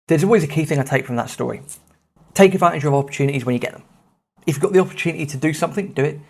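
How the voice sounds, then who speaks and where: A man, hosting a podcast and telling a travel story in a lively, self-mocking, casual way. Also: a little high, racing, vocal fry. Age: 30s. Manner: animated, self-mocking anecdote telling with swearing. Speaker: podcast host.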